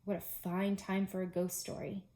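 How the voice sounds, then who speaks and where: Woman reading as patient male frog, steady, encouraging, hushed storyteller, storybook read-aloud. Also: mid-range voice, moderate pace, roomy sound, lightly acted. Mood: storytelling.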